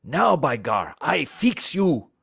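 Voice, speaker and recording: A man voicing an excitable, rough French-Canadian dog driver who shouts in broken English. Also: a little high, slow, no echo, studio quality, pitched above the performer's own voice, heavily acted. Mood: angry. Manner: loud broken-English exclamations.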